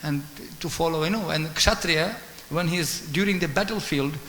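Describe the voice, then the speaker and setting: A man giving a sermon as a guest speaker, telling stories in an animated way, acting out dialogue and chanting Sanskrit verses. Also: a little high, normal speed. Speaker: guest speaker at a temple class. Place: temple hall. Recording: echoey temple hall with faint hiss.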